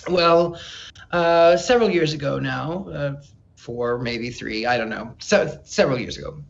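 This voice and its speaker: A man as a psychic guest in an interview, telling stories in an animated, chatty way with frequent stammered restarts. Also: medium pitch, measured pace, vocal fry, dull audio. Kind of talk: casual interview storytelling.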